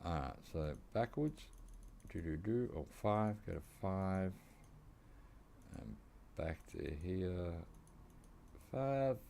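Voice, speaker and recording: Australian male streamer, low voice, chatty and joking, gameplay commentary. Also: expressive, takes it slowly, gravelly, pauses often, mellow, a little hiss or hum. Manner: joking, chatty, talks to the animals on screen. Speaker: gaming streamer.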